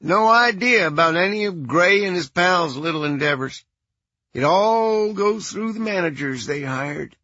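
A man's voice: sits high, animated, sharp tone, dry recording, muffled recording, voice pushed up, exaggerated voice. A man putting on a bored, chatty woman. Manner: drawn-out syllables, bored tone.

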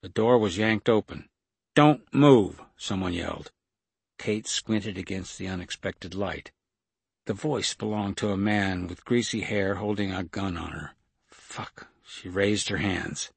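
Gravelly, husky male audiobook narrator. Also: low-pitched, steady tone, unhurried, no room sound. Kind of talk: scripted narration.

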